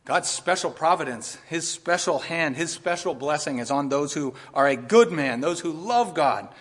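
An older male pastor delivers a sermon in a church sanctuary. His voice sits high and he leans hard on emphasis, sometimes pushing close to a shout. A long reverb trails each phrase. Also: lively intonation, normal speed. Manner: emphatic, rises to near shouting.

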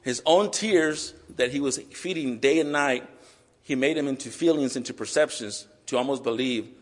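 A male pastor preaching a sermon earnestly and with emotion, reading scripture aloud slowly. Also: mid-range voice, lively intonation. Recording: long hall reverb.

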